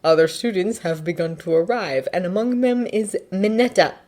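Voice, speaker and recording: A woman narrating a fanfiction audiobook with an expressive, lively reading. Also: fairly low pitch, moderate pace. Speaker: fanfiction reader.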